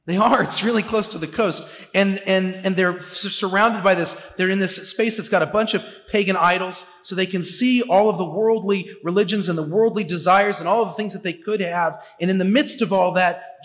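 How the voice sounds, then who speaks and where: High-voiced man preaching in echoey hall. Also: fairly quick, few pauses, a bit bright. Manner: conversational preaching with emphatic repetitions. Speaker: pastor. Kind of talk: sermon. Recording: echoey hall with long reverb.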